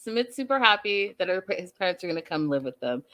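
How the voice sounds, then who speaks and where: A young woman hosting a casual reality TV recap, sassy and animated, acting out the people she talks about. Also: on the low side, quick pace. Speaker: recap show host.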